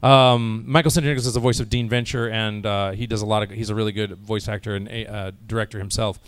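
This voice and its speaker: A man's voice: lowish voice, fairly even intonation, fast, clean tone, no room sound. A tired, jet-lagged man speaking casually to a live audience at a convention panel, rambling and joking with many restarts. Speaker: convention panel guest, voice actor. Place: convention hall panel room.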